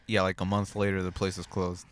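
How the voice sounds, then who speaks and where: A man's voice: low-pitched, monotone, a little fast, no room sound. A young man co-hosting a casual podcast, telling a story in a rambling way full of fillers. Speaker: podcast co-host. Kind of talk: casual chat.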